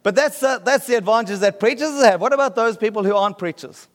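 A South African man preaching in a loose, conversational way, keeps asking the room whether they get it. His voice sits fairly high for a man. A long hall reverb trails behind every line. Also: quick pace. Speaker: pastor. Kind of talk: sermon.

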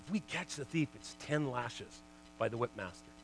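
A man's voice: medium pitch, expressive, normal speed, a little hiss or hum, close to an everyday voice, rough recording. A man voicing a stern big chief.

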